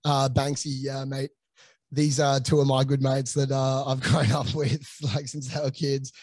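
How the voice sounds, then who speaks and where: A man's voice: medium pitch, little pitch movement, a little slow, a little mellow, no echo. A young Australian man hosting a podcast, chatting casually with a mate, swearing freely and dropping lots of fillers. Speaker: podcast host.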